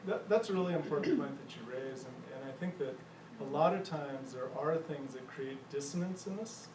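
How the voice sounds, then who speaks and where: A man leading a church discussion group, thoughtful and searching, with many pauses and fillers. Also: fairly high pitch, lively intonation, background noise. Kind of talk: church adult forum discussion. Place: church meeting room. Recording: echoey room mic from far off.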